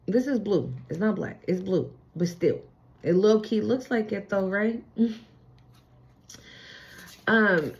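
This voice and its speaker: Young woman, relaxed unhurried spiritual reader, emphatic slangy chatter, slightly muffled home recording. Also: mid-range voice. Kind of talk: casual tarot-style channeled reading.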